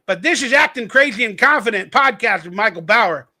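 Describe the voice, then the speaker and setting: A man's voice: very high-pitched, animated, fairly quick, hardly any pauses, bright, forceful tone. A man hosting his own podcast, ranting in blunt, profane, mocking commentary. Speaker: podcast host.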